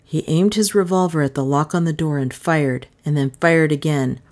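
Female audiobook narrator, low voice, measured dramatic delivery. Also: darkish tone. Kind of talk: scripted narration of a crime novel.

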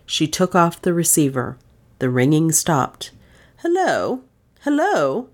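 A woman reading a mystery novel aloud in measured, even narration. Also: sits low. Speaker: audiobook narrator. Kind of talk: scripted narration.

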